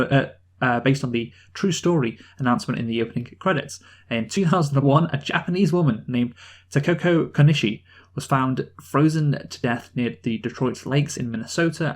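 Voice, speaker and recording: Man giving dry, sarcastic podcast banter. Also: medium pitch. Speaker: podcast co-host reviewing films. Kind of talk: casual chat.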